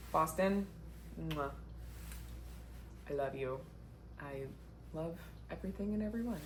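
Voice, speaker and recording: Young woman, low voice, chatty vlog talk full of likes, bit of faint noise behind. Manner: chatty and heartfelt, many "like" fillers. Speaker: vlogger, marathon runner. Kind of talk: casual sit-down chat. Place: indoors, sitting down.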